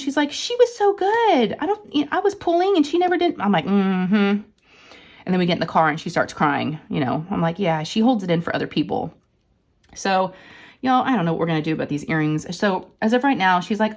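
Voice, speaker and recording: Woman rambling on while she crafts, chatty, kinda low voice. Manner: chatty, rambling storyteller addressing viewers as y'all. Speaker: crafting vlogger. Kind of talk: casual chat while diamond painting.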